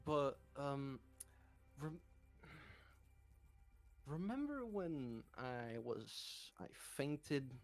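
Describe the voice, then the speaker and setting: A man's voice: mid-range voice, expressive, very slow, pauses often. Man playing brash, foul-mouthed adventurer. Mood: casual. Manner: blunt, swearing, mocking. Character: gruff, brash young male adventurer.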